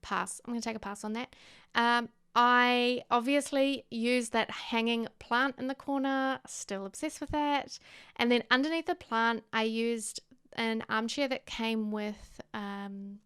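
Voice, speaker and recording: Casual New Zealand woman, chatty voice-over, smooth with gravelly fry, pitched a bit high. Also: takes it slowly, fairly bright tone. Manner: chatty, meandering, many ums and likes. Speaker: Sims builder and streamer. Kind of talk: casual build commentary voice-over.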